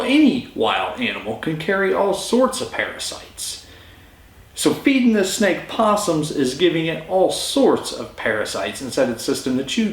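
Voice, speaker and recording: A young adult man casually telling a story-time tale in a chatty, informal way. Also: on the high side. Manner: informal, chatty, lively retelling. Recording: roomy echo.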